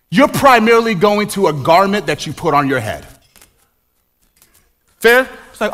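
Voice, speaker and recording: Animated preacher with a high-set male voice. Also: normal speed, long pauses. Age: 40s. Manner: conversational preaching, rhetorical questions, playful asides. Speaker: pastor. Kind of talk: sermon.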